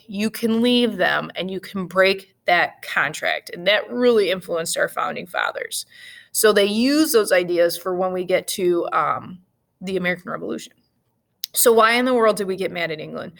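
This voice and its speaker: A woman teaching a history lesson in a casual, lively way, with jokes and acted-out asides. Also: mid-range voice, normal speed, creaky. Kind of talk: casual classroom lecture.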